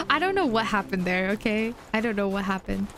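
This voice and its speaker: A young woman streaming a game, chatting excitedly to viewers and repeating herself when flustered. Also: mid-range voice, normal speed, over music. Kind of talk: casual gaming stream chat.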